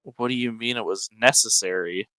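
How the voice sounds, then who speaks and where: A man's voice: lowish voice, moderate pace, sharp tone, no echo, low-quality recording. A man playing an agent in a tabletop game, joking and in character. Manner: joking, laughs easily. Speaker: player. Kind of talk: casual in-character role-play.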